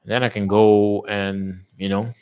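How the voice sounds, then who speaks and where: Casual chat host, male, lowish pitch, loose and rambling, drops curse words. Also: measured pace, smooth, highs cut off. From lives in a tourism-based place, has lived abroad. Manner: relaxed, rambling, swears often, many fillers. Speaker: channel host chatting with viewers.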